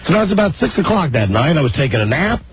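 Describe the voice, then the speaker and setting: A radio host, a man, tells a story with a lively voice that swings up and down a lot. He sounds exasperated and puts on the voices of the people he quotes. His voice sits a bit high for a man, with a faint hiss behind him. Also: fast talker, poor audio. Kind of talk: animated storytelling on talk radio.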